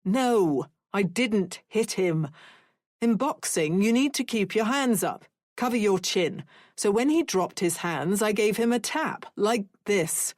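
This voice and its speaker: Woman doing a gruff, dismissive father. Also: mid-range voice, expressive, slow pace, darkish tone, no room sound, clean studio sound. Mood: defensive. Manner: brusque, dismissive.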